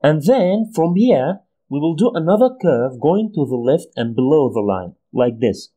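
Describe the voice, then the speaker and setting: A man's voice: on the high side, animated, measured pace, warm tone. A man teaching letters and their sounds, patiently repeating each sound for learners. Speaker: Arabic language teacher. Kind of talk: slow, deliberate pronunciation lesson.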